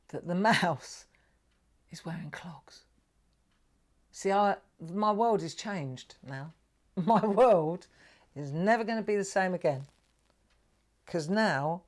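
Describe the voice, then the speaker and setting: A woman's voice: medium pitch, a little mellow. A woman in her sixties with a South London accent, chatting and laughing as host of a live craft stream, often tagging her sentences with "right?". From England. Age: 60s. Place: home craft room.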